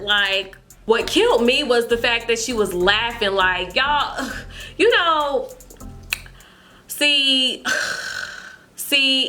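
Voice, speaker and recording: A young woman vlogger with a bright, higher voice, chatting animatedly straight to her viewers. She often doubles back and repeats her words. Faint music plays softly behind her. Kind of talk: storytime vlog chat.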